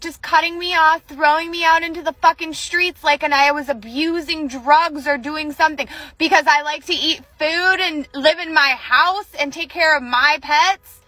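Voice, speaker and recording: Woman vlogger, furious profane rant; very high pitch, dry recording. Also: a little slow, no echo. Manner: furious, profane, shouting at times. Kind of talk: angry personal rant video.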